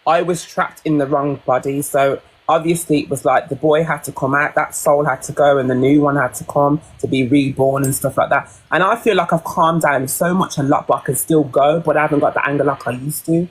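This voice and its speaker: A woman speaks as an interview guest in a husky, slightly breathy voice. She talks earnestly and at length, often circling back and restarting her sentences. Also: low voice, low-quality recording. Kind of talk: candid personal interview.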